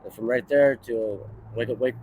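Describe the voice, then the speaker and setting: A man's voice: medium pitch, fairly even intonation, normal speed, darkish tone. Guy in his 30s rambling on a street corner, lots of cussing and "you know", faint traffic behind him. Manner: rambling, profane, many fillers like "you know". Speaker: interviewee. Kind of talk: street interview, casual storytelling. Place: outdoors on a city street near a bus stop.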